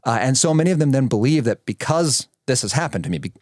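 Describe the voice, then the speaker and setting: Thirtysomething guy telling stories on a podcast, lively, does little voices for quotes, mid pitch, dry sound. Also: fast, no room sound. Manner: animated, acts out quoted voices. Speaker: podcast guest. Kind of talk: conversational storytelling.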